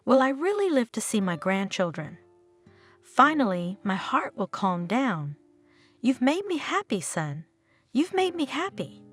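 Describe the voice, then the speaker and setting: Pushy older mother, insistent and nagging, voiced by a woman narrator, animated delivery. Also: a little high, unhurried, no echo, soft background music. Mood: tearful.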